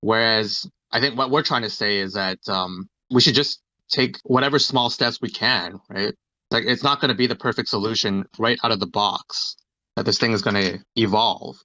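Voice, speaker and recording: Brief: lowish, tense, bright-edged male voice, casual, dry dull mic. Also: normal speed, no echo. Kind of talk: casual podcast discussion.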